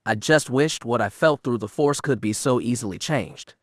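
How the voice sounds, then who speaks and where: An earnest, gentle young man with a mid-range voice, as a male narrator voices him. His nervous manner comes through plainly. The sound is dry and close, with no room around it. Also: mid-range voice, moderate pace, no echo, lightly acted. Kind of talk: audiobook reading.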